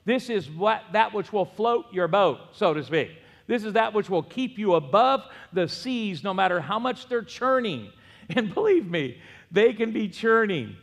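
A middle-aged man preaches in a church sanctuary. His voice sits high, and he tells stories in an animated way, calling on the congregation to repeat after him. A long hall reverb trails behind every phrase. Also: a little slow. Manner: animated storytelling with audience call-and-response. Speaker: pastor. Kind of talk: sermon.

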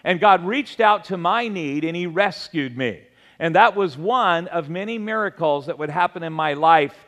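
A man's voice: sits high, a bit bright. A man, a pastor, preaching a sermon earnestly and conversationally, telling stories and acting out the dialogue in them. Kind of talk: sermon storytelling. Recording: long reverb, large hall.

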